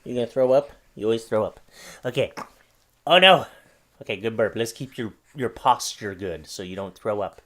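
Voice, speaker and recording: A man chatting casually on his vlog, talking playfully and gently to a baby. His voice swings up and down a lot. He speaks close to a desk microphone in a home office. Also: lowish voice, animated, moderate pace. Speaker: YouTube host and new father. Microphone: studio microphone.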